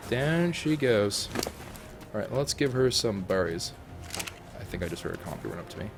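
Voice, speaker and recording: A young man giving jokey, excitable let's-play commentary, talking to the animals in his game. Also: lowish voice, normal speed, gravelly, faint music behind. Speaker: gaming YouTuber.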